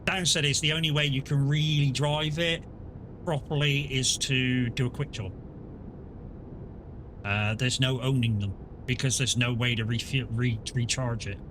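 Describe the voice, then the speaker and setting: A man streaming a truck driving game, talking casually and rambling, often breaking into laughter. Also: measured pace. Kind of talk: casual live-stream chat. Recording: steady truck rumble behind voice.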